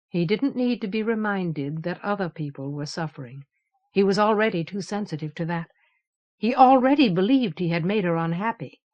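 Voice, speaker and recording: Woman audiobook narrator, steady and even, fantasy novel reading. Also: medium pitch. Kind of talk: scripted narration.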